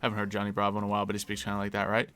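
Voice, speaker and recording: A man's voice: lowish voice, monotone, very fast, fairly bright tone, faint music behind. A man streaming a game live, chatting casually and answering viewers as he plays. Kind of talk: casual live-stream chat while gaming.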